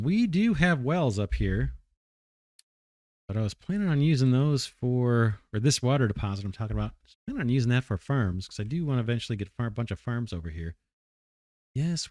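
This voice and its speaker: A man at a middle pitch narrates his own gameplay, musing and correcting himself as he plans. His voice sounds a little worn, as if he is starting to lose it. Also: mellow, no echo, studio quality. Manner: thinking aloud, musing and self-correcting. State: slightly losing his voice. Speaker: let's play host. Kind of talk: casual gameplay commentary.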